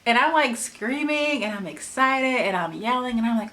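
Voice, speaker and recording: A woman's voice: fairly high pitch, moderate pace, hardly any pauses, slight background noise. Chatty woman vlogger telling a story. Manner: animated, chatty retelling with frequent "like". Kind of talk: casual storytelling vlog.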